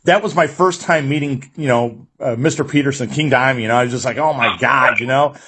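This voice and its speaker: Guy hosting a radio interview, kinda husky, rambling swear-y storyteller. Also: medium pitch, fairly quick, bright, forceful tone. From United States. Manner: loose, profane storytelling with many restarts. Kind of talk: casual chat.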